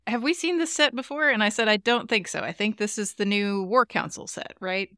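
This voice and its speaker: A woman's voice: medium pitch, brisk, pushed and bright, clear, resonant tone, dry recording, studio quality. A woman co-hosting a casual podcast, chatty and amused, recapping episodes. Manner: chatty, amused, laughs easily. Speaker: podcast co-host. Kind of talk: casual chat.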